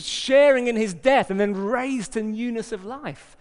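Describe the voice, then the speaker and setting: Pastor preaching in an echoing hall. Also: male voice, extremely high pitch, normal speed, few pauses. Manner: lively and emphatic, with joking asides. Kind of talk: sermon. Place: church hall. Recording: long reverb of a hall.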